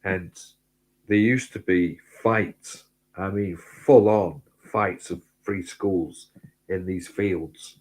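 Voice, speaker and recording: A man telling rambling, sweary anecdotes in casual chat, getting louder as the story builds. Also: slow, low-quality recording. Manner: sweary rambling anecdotes, gets loud and high when excited. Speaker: host.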